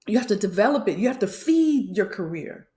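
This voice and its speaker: A woman's voice: mid-range voice, sing-song, a little fast, dark tone, echoey room. Middle-aged career coach lady from illinois, preachy and fired up, keeps saying y'all to her livestream crowd. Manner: passionate, preachy, addresses the audience as y'all. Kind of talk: livestream talk to viewers.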